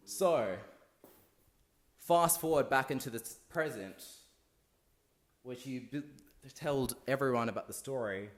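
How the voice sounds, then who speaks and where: A young man who has been drinking tells an ancient tragedy in casual slang. He rambles, restarts and throws loud asides at the people with him, at an average pitch. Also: slow pace, pauses often, roomy sound. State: drunk. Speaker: comic storyteller. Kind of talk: casual comic retelling of a play.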